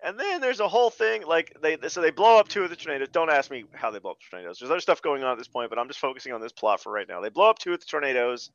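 Racing along with few pauses, a very animated male podcast host rants sarcastically about a bad movie, exasperated and cursing in casual chat. His fairly high voice is a bit bright, recorded dry with no echo and a dull lo-fi sound.

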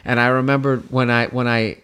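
A man, a comedian guest, telling a story in casual chat, profane and animated, acting out shouted quotes. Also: medium pitch, brisk, smooth.

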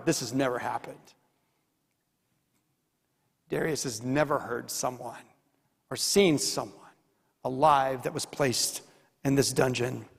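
A pastor preaching a sermon in a church, earnest and emphatic, with rhetorical questions. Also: male voice, mid-range voice, measured pace, vocal fry, pauses often, slightly rough, in a large hall.

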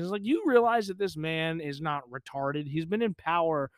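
A man's voice: a little high, normal speed, hardly any pauses, clear, resonant tone, no room sound, clean studio sound. A man hosting a solo podcast, swearing constantly and ranting angrily, recorded in a small pump house. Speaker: podcast host. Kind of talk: solo profane rant. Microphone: podcast microphone.

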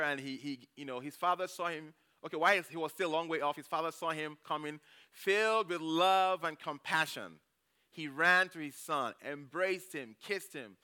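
A man's voice: a little high, sharp tone, clear, resonant tone. A man preaching as a church elder, retelling a Bible story in a chatty way and often checking in with his listeners. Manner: chatty, checks in with "okay?" and "you know". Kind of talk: conversational sermon with Bible retelling.

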